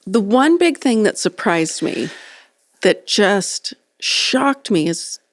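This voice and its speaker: A woman co-hosting a podcast in casual chat, easygoing and quick to laugh, often finishing her co-host's sentences. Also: mid-range voice, sing-song, no echo, studio quality. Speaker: podcast co-host.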